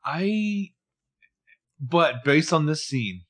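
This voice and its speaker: A man's voice: on the high side, expressive, drawn-out words, fairly bright tone. A man co-hosting a podcast, casually recapping a TV episode and jokingly acting out characters' lines. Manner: jokey, acts out characters' lines in passing. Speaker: podcast co-host.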